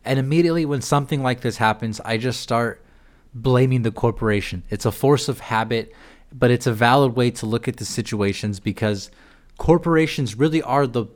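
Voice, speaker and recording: A man's voice: medium pitch, fairly quick. A young American man hosting a podcast, delivering a ranting, profane, exasperated comedic monologue. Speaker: podcast host.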